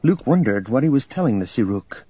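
A man reading a story aloud as narrator, in a steady, measured way. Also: medium pitch, slightly rough, dry recording. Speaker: audiobook narrator. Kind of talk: scripted narration. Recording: dull lo-fi recording, faint music.

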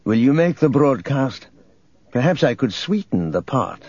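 A man's voice: mid-range voice, big pitch swings, unhurried, darkish tone, husky, no echo, highs cut off, pitched above the performer's own voice, heavily acted. A man voicing a smug, scheming male governor in an audiobook, cold and demanding. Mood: menacing.

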